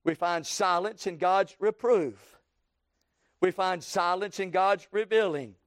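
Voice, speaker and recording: High-voiced preacher in his sixties. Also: no room sound, studio quality. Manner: preaching with sudden loud acted quotes and slowed emphatic phrases. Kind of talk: sermon.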